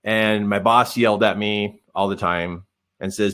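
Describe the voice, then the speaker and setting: A man coaching in a live webinar, telling a story in an animated, self-deprecating way and acting out the dialogue. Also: lowish voice, brisk.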